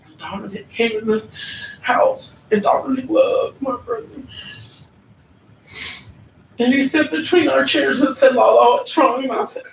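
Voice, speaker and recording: Woman, church testimony; earnest and heartfelt, high voice, recorded from a distance with faint hum behind. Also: vocal fry, roomy sound. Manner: earnest, heartfelt, often tags lines with "right?". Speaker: church member giving testimony. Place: church hall.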